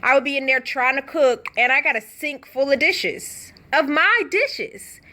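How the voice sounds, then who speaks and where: A young woman telling a chatty, animated storytime vlog and acting out the quotes. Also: sits high, unhurried. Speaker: vlogger. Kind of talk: casual storytime.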